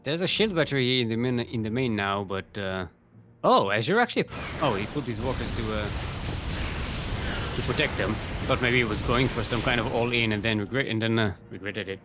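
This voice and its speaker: Male esports caster, mid pitch, loose joking delivery with restarts, light music bed. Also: lively intonation, fairly quick. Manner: rambling, jokey, frequent restarts. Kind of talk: live game commentary.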